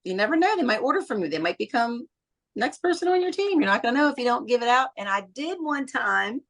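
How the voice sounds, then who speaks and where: A woman's voice: fairly high pitch, lively intonation, fast talker, fairly bright tone. A woman in casual chat, telling stories animatedly and acting out the voices of the people she quotes. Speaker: direct sales consultant.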